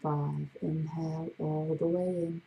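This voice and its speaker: A woman hypnotherapist with a gravelly voice, leading a slow, soothing guided breathing exercise. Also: deep voice, little pitch movement, mellow, slight background noise, rough recording. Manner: slow, soothing, drawn-out guidance.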